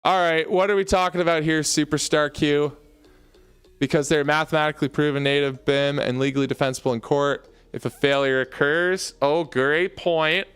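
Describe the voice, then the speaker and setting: Speaking briskly in a smooth, fairly bright voice on the high side, with fairly even intonation, a young man from Canada hosts a casual stream from his home basement over soft music. He's energetic and talkative, responding to chat and calling his viewers "baby" and "y'all."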